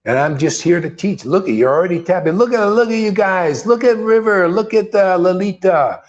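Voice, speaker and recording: On dull-sounding audio, a man whose voice sits high speaks expressively at normal speed. Acting as a spiritual teacher, he preaches informally to a small group, emphatic yet casual, swearing, tossing in blunt, mocking asides and often calling his listeners "man."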